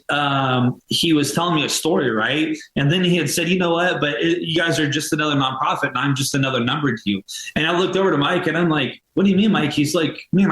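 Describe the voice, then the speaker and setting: A man's voice: a little high, a bit bright, echoey room, low-quality recording. Earnest man, casual, full of fillers. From United States. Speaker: veteran nonprofit co-founder, guest. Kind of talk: podcast interview.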